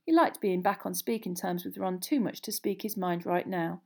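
A woman narrating a storybook aloud in a steady, measured reading. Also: fairly low pitch, creaky. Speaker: audiobook narrator.

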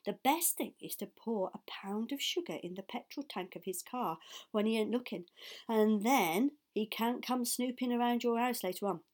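A woman's voice: a little high, moderate pace, natural voice. A woman doing a gleeful old country cabbie. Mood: knowing. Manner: excitable, chuckling, rough slang. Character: old country taxi driver, man, gleeful and slangy.

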